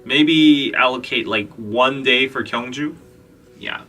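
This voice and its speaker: A man's voice: medium pitch, slow, pushed and bright, distant mic, faint music behind. A man hosting a live podcast, chatting casually and rambling through travel tips with lots of fillers. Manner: rambling, filler-heavy, reads chat questions. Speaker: podcast host. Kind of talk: casual live-stream chat.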